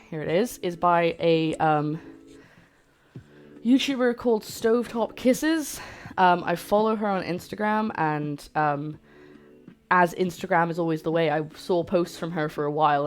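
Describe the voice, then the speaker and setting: A woman hosting a casual cooking livestream from her home kitchen, rambling cheerfully and answering her chat aloud. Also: sits low. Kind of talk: casual live-stream chat while cooking.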